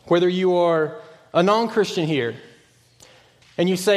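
A man preaching a sermon as pastor, earnest, sometimes dropping to a hushed voice on key points. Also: high-pitched, unhurried, in a large hall.

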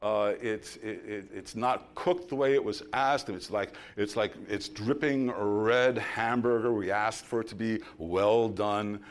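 A middle-aged male pastor preaching a sermon, telling a story that builds to loud emphasis and then drops soft. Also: on the low side, steady tone, measured pace, hardly any pauses.

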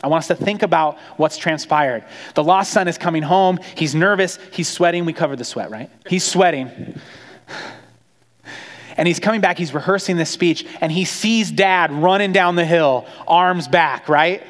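Animated preacher in a reverberant hall. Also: male voice, fairly high pitch, moderate pace. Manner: conversational, animated storytelling with acted quotes. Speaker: pastor. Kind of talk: sermon.

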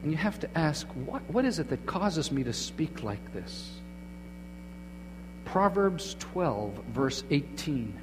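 A man preaching a sermon as pastor, moving between quiet, hushed phrases and emphatic, raised lines. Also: on the high side, big pitch swings, slow. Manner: dramatic shifts between hushed and emphatic delivery. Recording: long hall reverb with faint mains hum.

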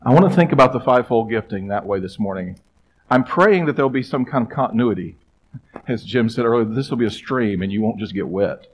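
A middle-aged man preaching a sermon as pastor, conversational and emphatic, with pauses and stressed phrases. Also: mid-range voice, expressive, slight background noise, poor audio.

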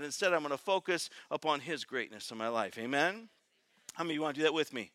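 A man preaching a sermon to a congregation, building from quiet reflection to fervent, repeated appeals. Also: a little high, animated, fast talker, no echo. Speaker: pastor. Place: church.

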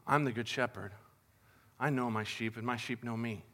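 A man's voice: mid-range voice, fairly even intonation, normal speed, fairly bright tone. A man preaching as a pastor, in a casual, conversational and upbeat way, talking to the congregation as guys. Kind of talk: casual sermon.

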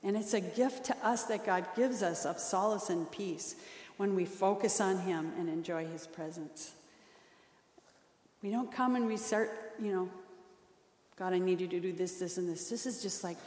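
Woman pastor, mid-pitched, earnest sermon delivery, roomy hall with long reverb. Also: unhurried. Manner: earnest, gently exhorting, reads scripture aloud.

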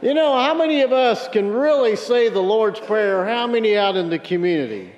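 A man's voice: sits high, animated, normal speed, darkish tone. A man preaching a sermon, telling a story and then driving home his point with emphasis. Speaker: pastor. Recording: dull sound with long hall reverb.

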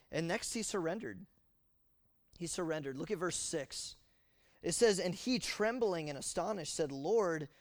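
A man with a high voice preaches a sermon, animated and emphatic. He acts out the scripture lines he quotes. The sound is dry and close, with almost no room echo.

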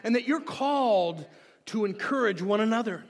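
A man preaching a sermon as pastor, swinging from hushed, quiet passages to shouted bursts. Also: sits high, lively intonation, moderate pace. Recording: long hall reverb.

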